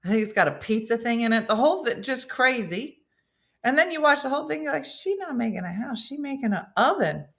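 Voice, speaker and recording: Bright, joking woman hosting a chat show. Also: fairly high pitch, fairly quick. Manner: animated, jokey, talks to viewers while cooking. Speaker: host. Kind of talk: casual morning show chat.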